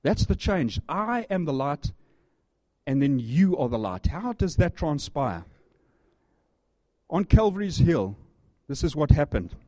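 A male pastor delivers a sermon with a mellow, dark tone. He reads scripture aloud, repeats phrases and asks the congregation questions with earnest emphasis. The sound is dry and close. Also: a little high, no room sound.

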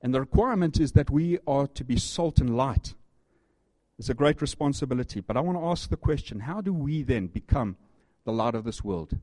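A male pastor delivers a sermon with a mellow, dark tone. He reads scripture aloud, repeats phrases and asks the congregation questions with earnest emphasis. The sound is dry and close. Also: medium pitch, animated, fairly quick, no echo.

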